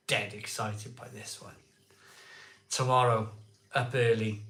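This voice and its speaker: An excitable man hosting a casual live stream, chatting with viewers, repeating himself and laughing often. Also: medium pitch, takes it slowly, long pauses, reverberant. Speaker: live-stream beer show host. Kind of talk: casual live chat reading viewer comments.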